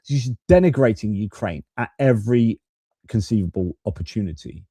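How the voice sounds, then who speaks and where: A man's voice: lowish voice, lively intonation, moderate pace, warm tone, breathy edge, no echo. A man hosting a live stream of off-the-cuff political commentary, with loose talk and restarts. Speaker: host.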